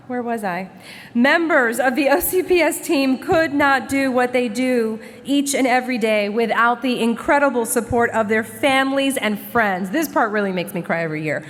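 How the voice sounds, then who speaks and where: A woman's voice: a little high, moderate pace. A woman emceeing a live awards event on a handheld microphone, upbeat, chatty and playful with the crowd. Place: large banquet hall before a live audience. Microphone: handheld stage microphone. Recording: long hall reverb through a PA.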